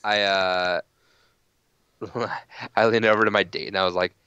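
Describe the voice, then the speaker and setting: A man's voice: deep voice, flat delivery, measured pace, sharp tone, clean tone, highs cut off. A young man co-hosting a casual movie chat, hesitant with stumbling starts and profane. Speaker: podcast co-host.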